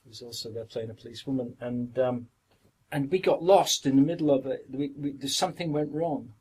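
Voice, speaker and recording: A man's voice: medium pitch, fairly quick, darkish tone, slightly rough. A middle-aged man with a Yorkshire accent, a guest actor reminiscing through long anecdotes in a casual podcast interview.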